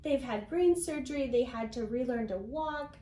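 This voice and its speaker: A woman guest sharing a personal faith testimony in an interview, telling her story slowly and from the heart. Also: on the high side, dark tone, reverberant, low-quality recording. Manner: slow, heartfelt storytelling with many pauses.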